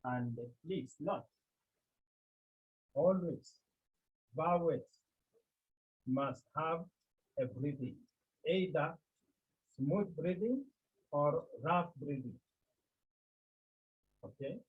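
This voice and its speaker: A Cameroonian man leads a Greek lesson at an unhurried, measured pace. His voice is a little husky. It comes through a thin, phone-like line. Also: on the high side. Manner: slow, deliberate, repeats key points and checks with "Okay?". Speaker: Greek teacher. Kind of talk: classroom lecture.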